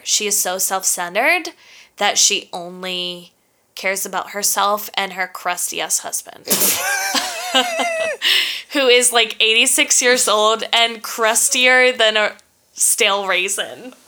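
A woman's voice: medium pitch, pushed and bright. Sassy, profane young woman telling a story. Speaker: podcast co-host. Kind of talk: casual storytelling chat.

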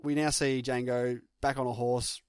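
An Australian man in his twenties or thirties chatting about movies with a friend. He is outspoken and critical, pushing his point again and again, at a medium pitch. His voice sounds close and dry, with no room echo. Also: level tone, normal speed, clear, resonant tone. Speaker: podcast co-host. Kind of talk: casual film discussion.

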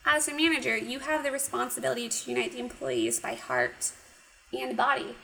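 A woman casually recapping a cartoon episode, animated and giggly, acting out the characters' lines. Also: on the high side, a little fast, creaky, poor audio. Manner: animated retelling with acted quotes, giggly. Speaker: podcast co-host.

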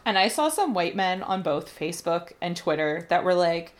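A woman co-hosting a casual podcast about films, talking in an animated, indignant way and quoting others in asides. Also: lowish voice, normal speed. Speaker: podcast co-host. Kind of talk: casual film chat.

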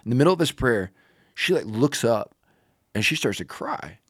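A man's voice: medium pitch, very animated, moderate pace, breathy edge, no echo, studio quality. A young male preacher telling a personal story in a loose, casual way with many fillers.

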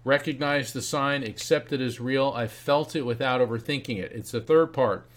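A man as a guest author and medium in an interview, telling a story in a lively way and acting out the voices he quotes. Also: medium pitch, moderate pace.

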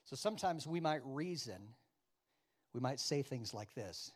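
A man preaching a sermon, acting out dialogue and questioning his congregation, loud one moment and quiet the next. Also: medium pitch, a little slow. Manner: animated, acts out biblical dialogue with wide swings in loudness; addresses the congregation with questions and asides. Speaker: pastor.

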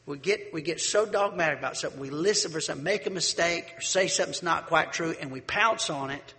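A middle-aged male pastor delivers a sermon with a fairly high voice, throwing rhetorical questions out to his congregation. His words ring out with a long hall reverb around them. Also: quick pace, sharp tone.

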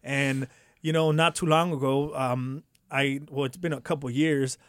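Man, casual storytelling, animated, acts out voices, laughs often, dry recording. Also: mid-range voice, a little slow, no echo. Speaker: guest telling his testimony.

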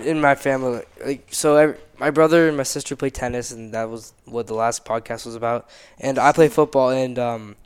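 A young man on a family podcast, speaking earnestly and haltingly with many pauses and fillers. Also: medium pitch, clear, resonant tone. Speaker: son, podcast co-host. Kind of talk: casual family podcast chat.

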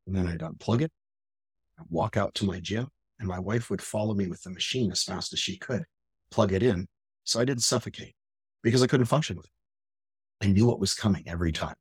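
A middle-aged man hosting a podcast, giving an intense, profane, confrontational motivational monologue that rises into loud ranting. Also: low voice, a little fast, slightly rough, dry recording, studio quality. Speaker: podcast host.

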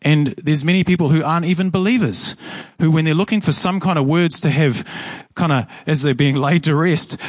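A man's voice: fairly high pitch, brisk, no room sound. A man with a New Zealand accent preaching a sermon as pastor, earnest and emphatic, often restarting and repeating words. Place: church.

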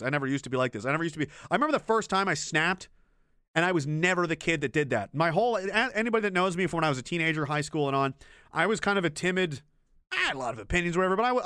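A young man, speaking in a fairly high, smooth, resonant voice. It sounds dry and close, with no room echo. He rants bluntly and profanely as a streamer, trailing off and restarting his sentences. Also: fairly bright tone. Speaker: streamer and military veteran. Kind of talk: casual unscripted rant.

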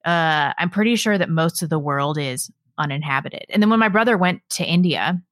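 A female co-host with a slightly low voice recorded very dry and close. She makes blunt, flippant remarks in casual talk. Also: expressive, moderate pace, a bit bright, dry recording. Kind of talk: casual call-in chat.

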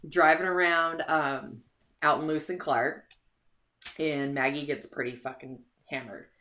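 A young woman telling a story in casual chat, animated, swearing and laughing often. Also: deep voice, unhurried, slight background noise.

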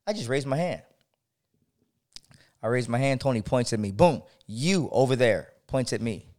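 A man co-hosting a podcast, telling a personal story in a lively, animated way with emphatic asides. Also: mid-range voice, normal speed. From San Diego. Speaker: podcast co-host.

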